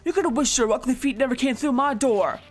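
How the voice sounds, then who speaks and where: A woman voicing a loud, brash gangster man in a tiger suit, threatening and bullying, reading game text aloud. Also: fairly high pitch, lively intonation, moderate pace, faint music behind, natural voice. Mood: furious. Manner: bullying, threatening, broken grammar.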